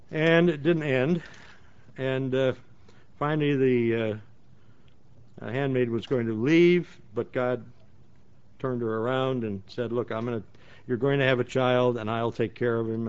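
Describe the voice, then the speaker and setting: A man leading a Bible study, reading verses aloud and then explaining them in plain words, with frequent restarts. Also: mid-range voice. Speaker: Bible teacher. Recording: dull lo-fi recording.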